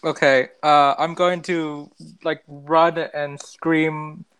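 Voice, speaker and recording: A man's voice: fairly high pitch, level tone, extremely slow, a bit bright, clean tone. A man playing a tabletop game who eagerly asks the game master questions. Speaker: player. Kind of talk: tabletop role-play chat.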